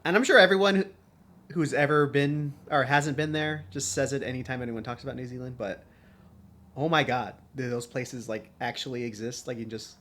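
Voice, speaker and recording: A man's voice: mid-range voice, a bit bright, a little hiss or hum. Wry young man asking questions. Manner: wry, asks quick questions, jokes. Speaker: podcast co-host. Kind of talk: casual movie chat.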